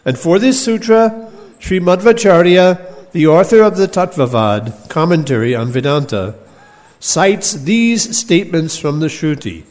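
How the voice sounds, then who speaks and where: A man giving a scripture class, explaining texts in a measured way and pausing over quoted verses. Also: on the high side, lively intonation, a little mellow. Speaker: teacher of Vedanta scripture. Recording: long hall reverb.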